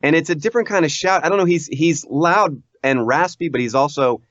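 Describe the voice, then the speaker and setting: A man who works as a voice actor, chatting casually as an interview guest in an animated, self-deprecating way and laughing often. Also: a little high, brisk, no echo. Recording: dull lo-fi audio.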